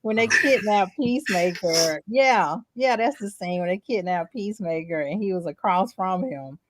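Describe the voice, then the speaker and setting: A woman co-hosting a relaxed talk about a series, her voice sitting at an ordinary middle pitch. She tells stories in a lively way, breaking into laughter and acting out little quoted lines as she goes. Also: normal speed, noisy background. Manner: laughing, animated storytelling with acted-out quotes. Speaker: podcast co-host. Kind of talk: casual chat.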